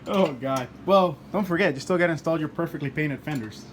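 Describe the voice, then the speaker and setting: A man's voice: on the high side, brisk, slight background noise. Joking man chatting in a garage. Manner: joking, swears, laughs often. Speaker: car channel host. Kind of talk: casual garage chat to camera. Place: home garage.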